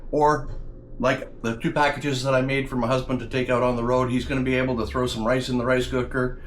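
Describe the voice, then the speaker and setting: A man's voice: mid-range voice, level tone, brisk, a little hiss or hum. A man hosting a casual cooking video, chatting to viewers as guys and tasting his food with pleased hums. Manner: talks while tasting, with mm sounds. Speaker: cooking channel host.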